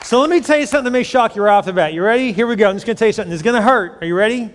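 A man's voice: high-pitched, animated, rapid-fire, background noise. A man in his forties preaching a sermon to his congregation as their pastor, talking casually and asking the crowd questions. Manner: conversational, asks the congregation questions. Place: large church sanctuary. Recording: long hall reverb.

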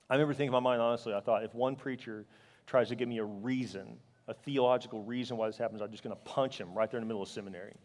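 A male pastor preaching with raw emotion, building to loud, fervent peaks and dropping to hushed, faltering words. His voice sits at an ordinary middle pitch. It rings out with a long reverb, as if in a large church hall. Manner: emotional storytelling, swinging from loud fervor to hushed, halting speech. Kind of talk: sermon.

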